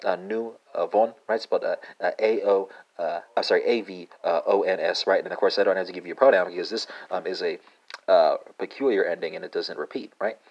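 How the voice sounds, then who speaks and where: A man hosting a casual language lesson podcast, halting with many fillers and asking "right?" after nearly every word. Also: low voice. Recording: dull lo-fi sound.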